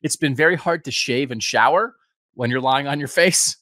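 This man, a podcast host from the United States in his fifties, speaks at a moderate pace in a medium-pitched voice with a sharp tone. He's giving a casual, rambling, self-deprecating update from home. The sound is clean studio audio with no room sound.

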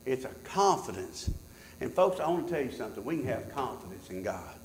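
A pastor preaching a sermon in church, swinging between loud high peaks and low, quiet asides. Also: male voice, very animated, brisk, roomy sound, a little hiss or hum.

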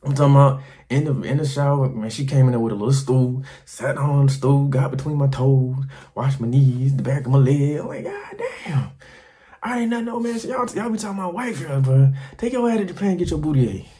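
A man vlogging to camera, telling crude, rambling stories in an animated, casual way. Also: mid-range voice, fast talker. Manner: animated, crude and rambling, slipping into quoted voices. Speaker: travel vlogger.

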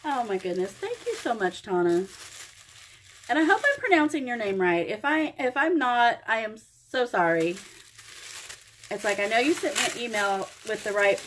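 Gushing, excitable middle-aged woman unboxing crafts. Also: fairly high pitch, moderate pace, slight background noise. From Oklahoma, USA. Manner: gushing, effusive, exclaims often. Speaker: crafting vlogger. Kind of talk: happy mail unboxing vlog.

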